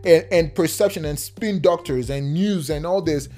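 A man rants through a solo podcast in loose, slang-heavy talk. His voice is mellow and dark, and it swings between heated outbursts and quiet, low murmurs. Faint music sits behind him. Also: moderate pace, few pauses. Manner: heated ranting that drops into calm murmurs; casual slang-heavy talk with filler restarts. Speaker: podcast host.

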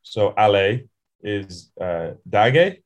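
A man co-hosting a casual podcast, telling rugby stories in a relaxed way with fillers and laughs. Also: fairly low pitch, drawn-out words. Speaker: podcast co-host, rugby sevens player.

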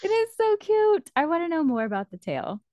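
Woman, casual book-chat co-host, animated retelling, dry close sound. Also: extremely high pitch, brisk, no echo. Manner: chatty, animated retelling, laughs often, many "like" fillers.

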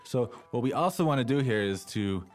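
A man joining a podcast as a guest expert, explaining language tones in relaxed, casual chat. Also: mid-range voice, faint music behind. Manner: relaxed, explanatory, with quick bursts.

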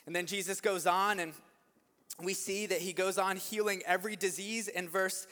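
A man preaching an energetic sermon, telling the story with animated delivery that climbs into shouts. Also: high voice, normal speed. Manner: animated storytelling, acts out voices, rising to shouts. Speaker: pastor. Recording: long hall reverb.

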